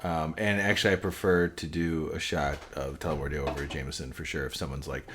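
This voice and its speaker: A man with a very low, deep voice hosts a podcast in loose, casual chat. He rambles a little, leaning on "like" and "you know" as he thinks aloud. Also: fairly even intonation, fast talker. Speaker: podcast co-host.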